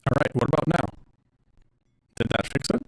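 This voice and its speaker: Guy streaming a game, muttering thru menus, normal pitch, chill. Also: normal speed, poor audio. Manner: mutters menu items while troubleshooting. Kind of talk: casual gameplay commentary.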